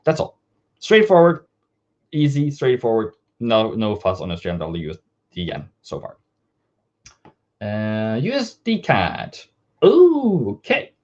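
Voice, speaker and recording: Animated man giving live trading analysis. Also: mid-range voice. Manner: casual, direct, talks to viewers as "bro" and "my brother". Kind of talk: live market analysis stream. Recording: dull lo-fi stream audio.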